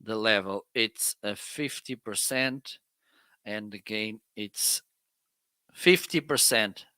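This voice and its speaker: Slow, bright-voiced man demoing microphones. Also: fairly low pitch, clean tone, no echo. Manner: chatty, tests gear aloud with counting and laughs. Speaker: product reviewer hosting a live shopping stream. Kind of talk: casual live-stream product demo. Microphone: swapping between studio microphones.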